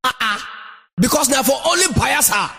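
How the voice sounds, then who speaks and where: A man with a Nigerian Pidgin accent, doing animated stand-up storytelling and shouting his punchlines. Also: very high-pitched, normal speed, gravelly, breathy edge, faint music behind. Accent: Nigerian Pidgin English. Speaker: stand-up comedian. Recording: noisy recording.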